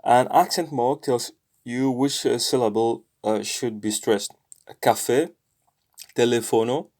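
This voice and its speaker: A man going through a language lesson on his own, thinking aloud with many fillers and slowly repeating practice phrases. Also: mid-range voice, a little mellow. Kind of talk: casual self-study commentary.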